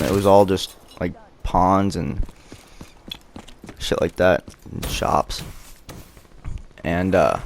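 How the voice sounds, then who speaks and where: A man's voice: low voice, a little hiss or hum. Profane young man telling a story. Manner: profane, rambling, self-deprecating. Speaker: vlogger. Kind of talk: casual storytelling vlog.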